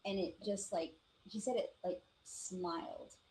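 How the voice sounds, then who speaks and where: A woman from the Navajo Nation, co-hosting a live show and telling ghost stories in a casual, animated way, acting out the voices of the people in them. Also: mid-range voice, a little slow, a little hiss or hum, rough recording. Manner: animated storyteller, acts out quoted voices, many "like" fillers. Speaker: podcast co-host. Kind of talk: casual storytelling chat.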